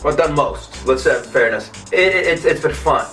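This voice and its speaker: A man's voice: fairly high pitch, animated, normal speed, pushed and bright, distant mic, soft background music. A male comedian and show host talking candidly and in a laid-back way in an interview, swearing now and then. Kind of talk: casual interview.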